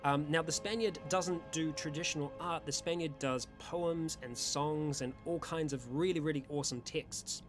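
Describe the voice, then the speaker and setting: This host of a YouTube roleplay channel talks in a slightly high, fairly level voice at moderate speed, barely pausing, with faint music in the background. Leading a laid-back monthly Q&A for his community, he wanders, stumbles into restarts and fillers, and pokes fun at himself while his weak voice struggles.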